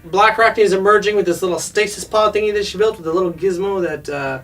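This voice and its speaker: A man's voice: high-pitched, quick pace, fairly bright tone. Jokey man recapping with faint music. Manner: jokey, recaps scenes with goofy quoted voices. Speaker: podcast co-host. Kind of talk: casual episode review chat. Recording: distant mic with faint music.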